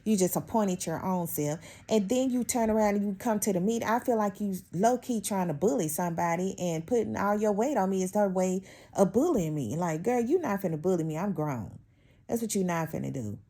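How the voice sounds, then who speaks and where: A woman's voice: mid-range voice, animated, brisk, warm tone. A woman vlogger telling a workplace story in casual chat, chatty and exasperated, talking straight to her viewers. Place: at home.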